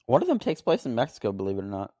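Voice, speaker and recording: A man's voice: fairly low pitch, huge pitch swings, rapid-fire, warm tone, no room sound. A man co-hosting a film podcast, rambling through his notes with lots of fillers and jokey asides. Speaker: podcast co-host reviewing films. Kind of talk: casual chat.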